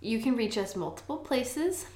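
Woman podcast co-host, chatty and casual, slightly high voice, echoey room. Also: lively intonation, moderate pace, darkish tone, a little hiss or hum. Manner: chatty, reads out contact details. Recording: roomy echo.

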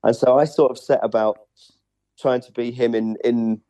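English guy, stage performer in an interview, mellow voice, laughs a lot, dry close sound. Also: mid-range voice, normal speed, clear, resonant tone, dry recording. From England. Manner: relaxed, laughs easily, chatty with restarts. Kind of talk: casual interview chat.

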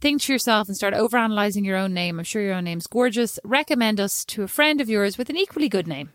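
A woman's voice: medium pitch, quick pace, no echo, studio quality. A young woman co-hosting a podcast, chatting casually and teasingly with her sister, telling stories with lots of laughter. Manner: teasing, animated storyteller, giggly. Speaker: podcast co-host. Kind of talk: casual chat between sisters.

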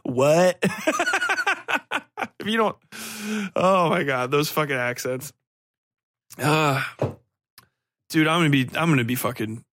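A man's voice: medium pitch, a bit bright, dry recording, studio quality. Sardonic, cursing male podcast host. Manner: profane, sardonic, rambling. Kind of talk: casual podcast book review.

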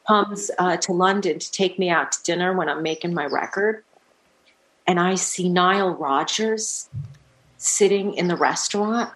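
Animated middle-aged woman telling stories. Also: on the low side. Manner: animated, laughs often, acts out quoted dialogue. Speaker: musician guest. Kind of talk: casual storytelling interview.

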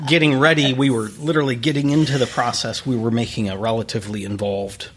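A man's voice: mid-range voice, fairly even intonation, quick pace, a bit bright, slight background noise. A man co-hosting a podcast in casual chat, telling wry, self-deprecating stories. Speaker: podcast co-host.

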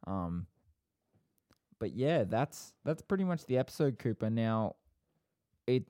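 A man co-hosting a casual podcast, talking fast and rambling with frequent fillers and asides. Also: mid-range voice, sing-song, mellow, dry recording, studio quality. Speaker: podcast co-host.

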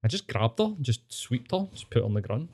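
A man's voice: mid-range voice, big pitch swings, a little fast, darkish tone, husky. A man with a Scottish accent, hosting a casual podcast chat and telling blunt, sweary stories. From Scotland. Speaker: podcast host.

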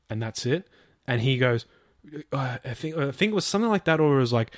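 A man's voice: medium pitch, lively intonation, fast, dry recording, studio quality. A man co-hosting a casual chat, retelling a story with many fillers, some swearing and acted-out quotes. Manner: rambling, lots of fillers, swearing, acts out quotes. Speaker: podcast co-host.

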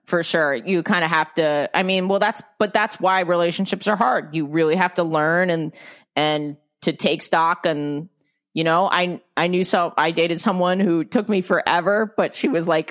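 A young woman with a lowish voice chats on a podcast in an open, candid way. She swears now and then and often breaks off and restarts her sentences as she thinks aloud. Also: steady tone, moderate pace. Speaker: podcast guest. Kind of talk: casual podcast chat.

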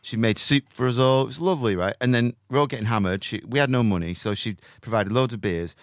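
A man's voice: medium pitch, fast talker, no echo, clean studio sound. A man co-hosting a casual podcast, telling a long anecdote with lots of swearing and quoted dialogue. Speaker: podcast co-host. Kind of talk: casual storytelling chat.

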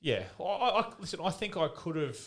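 Animated and a little fast, his fairly bright voice leans to the high side. This retired Australian footballer in his thirties chats as a podcast guest, telling candid, rambling stories with laughter and swearing.

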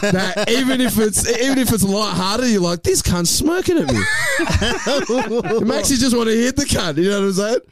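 A young man co-hosting a podcast, retelling a story in a loose, animated way with heavy swearing. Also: high voice, moderate pace, over a noisy crowd. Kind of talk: casual storytelling.

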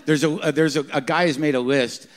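A man hosting a live podcast taping, jumping in with quick questions. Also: fairly high pitch, steady tone. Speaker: podcast host. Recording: live crowd in the room.

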